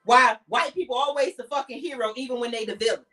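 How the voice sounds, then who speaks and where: A woman with an African American English accent rants bluntly and heatedly, cursing freely as she hosts her podcast. Her voice sits high, and she talks from a little way off the microphone, so the sound is slightly distant. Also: fast talker, sharp tone, soft background music. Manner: blunt, heated, profane ranting. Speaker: podcast host. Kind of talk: impassioned monologue.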